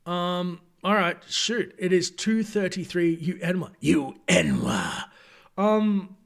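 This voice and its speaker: A man's voice: sits high, fairly even intonation, takes it slowly, clear, resonant tone. A man hosting a late-night gaming live stream, talking to chat in a rambling, chatty way and correcting himself as he goes, tired at this hour. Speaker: gaming channel host.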